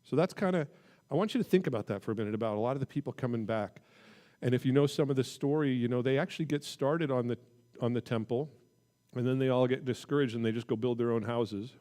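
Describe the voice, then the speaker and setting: Relaxed conversational male Bible teacher. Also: mid-range voice, quick pace. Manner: conversational, animated when reading scripture aloud. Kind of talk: casual midweek Bible teaching.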